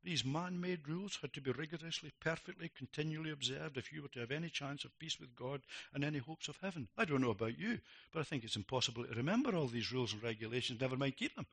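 A middle-aged man preaching a sermon, emphatic, swinging between loud declarations and quiet reflective lines. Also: mid-range voice, expressive, fast talker, hardly any pauses, breathy edge.

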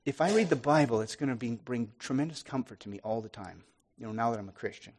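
A man's voice: medium pitch, fast, slightly rough. Earnest man telling a testimony. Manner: earnest, animated, frequent restarts, loud and soft swings. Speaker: preacher giving testimony. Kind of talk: sermon testimony storytelling.

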